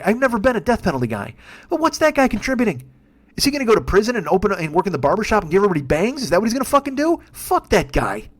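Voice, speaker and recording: Fast, high-voiced ranting man in his fifties. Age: 50s. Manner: profane, exasperated, emphatic. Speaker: podcast host and comedian. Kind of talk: ranting solo monologue.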